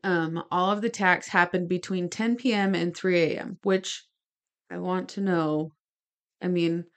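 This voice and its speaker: A woman's voice: on the low side, steady tone, unhurried. A woman co-hosting a podcast, telling a true-crime story from her notes with chatty asides. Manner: gestures while talking. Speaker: podcast co-host.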